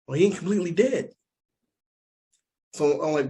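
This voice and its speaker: A man with an American accent telling a stand-up story, animated and repeating lines for emphasis. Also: on the high side, moderate pace, pauses often. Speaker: stand-up comedian.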